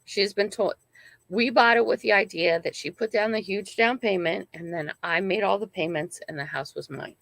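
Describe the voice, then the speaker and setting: Older woman host, gravelly, dry close sound, rambling emphatic storyteller. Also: medium pitch, brisk, a bit bright, no echo. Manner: rambling, emphatic, frequent "right?" and "okay?". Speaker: channel host. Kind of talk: casual livestream storytelling.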